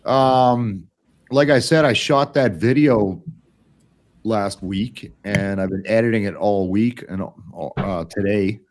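A man's voice: fairly low pitch, slow, darkish tone. A middle-aged man hosting a casual podcast, blunt and rambling, swearing often. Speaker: podcast host.

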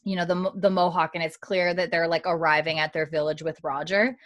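A young woman with a fairly low pitch talks fairly quickly and in a steady tone as she co-hosts a podcast, animatedly retelling a TV episode. In this casual chat she acts out the characters' lines and leans on "like" a lot, on a dry recording.

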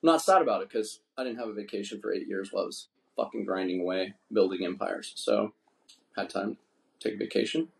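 A man's voice: fairly low pitch, fast talker, vocal fry. A man hosting a casual podcast chat, rambling and swearing freely. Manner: profane, rambling, laid-back. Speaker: podcast host. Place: indoors, drinking wine.

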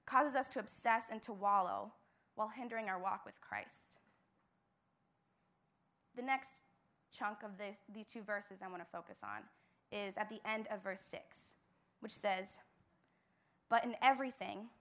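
A woman's voice: mid-range voice, fairly bright tone. A young woman, a church intern, giving an earnest devotional message with emphatic repetition.

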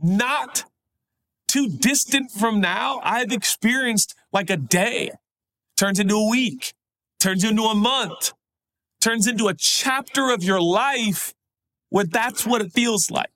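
A man in middle age preaching a sermon with a voice pitched a little high. He talks like he's chatting with the congregation, lifting into animated bursts and dropping to quiet, low urging. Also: slow pace. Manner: conversational, swinging from animated highs to hushed low pleas. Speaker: pastor.

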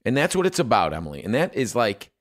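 A man's voice: medium pitch, wildly swooping pitch, quick pace. A man in his forties co-hosting a podcast, chatting casually in a blunt, opinionated, rambling way. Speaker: podcast co-host. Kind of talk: casual chat.

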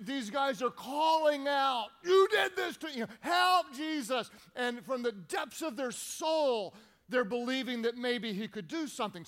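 Animated high-voiced preacher in a hall. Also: male voice. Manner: animated storytelling with acted-out shouts. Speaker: pastor. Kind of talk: sermon. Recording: long reverb of a large hall.

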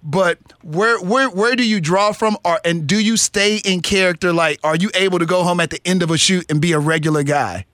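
A man's voice: high voice, fairly quick, hardly any pauses, fairly bright tone, no room sound, studio quality. A man hosting a radio morning show, asking enthusiastic, rambling questions in casual chat.

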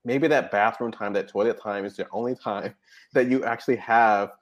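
A man with a deep, low voice talks in a relaxed interview. He explains points step by step and keeps checking in with his listener as he goes. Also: normal speed, highs cut off. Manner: explanatory, frequent "right?" and "you know". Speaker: guest expert on technology habits. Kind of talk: conversational interview talk.

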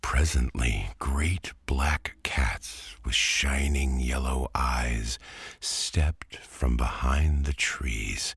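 A man narrating a bedtime story with a very deep, gravelly, breathy voice. He reads slowly and gently, recorded close and dry. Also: no room sound. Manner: gentle, soft-spoken.

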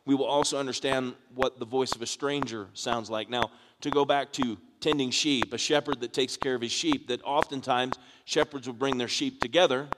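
A man's voice: mid-range voice, steady tone, normal speed, few pauses. A man, a pastor, preaching a sermon and asking the congregation questions as his delivery builds in force. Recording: echoey hall with background noise.

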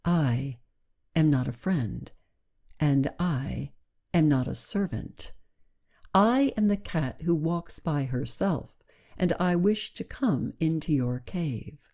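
Woman reading as a sly, haughty she-cat from a storybook, low and unhurried, soft dark tone. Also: lively intonation, full character voice. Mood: proud. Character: proud, cunning wild female cat.

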